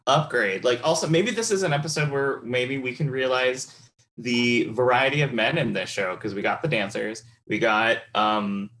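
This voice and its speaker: A man's voice: medium pitch, normal speed, fairly bright tone. A man co-hosting a podcast, chatting and joking casually about a TV show. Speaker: podcast co-host. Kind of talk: casual chat.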